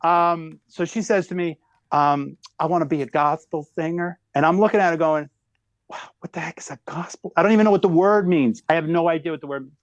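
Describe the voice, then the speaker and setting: A comedian in his fifties telling a story in a lively, exaggerated way as a podcast guest. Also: a little high, a little fast, dry recording, highs cut off. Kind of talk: animated storytelling.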